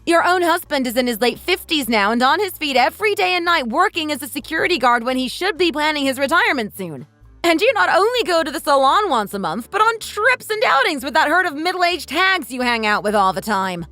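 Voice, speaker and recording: A woman's voice: high voice, big pitch swings, fairly quick, no echo, soft background music, heavily acted. A woman voicing a mocking, defiant young wife. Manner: sharp, mocking, blunt. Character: sarcastic, defiant young wife standing up to her in-law. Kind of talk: texting story voice acting.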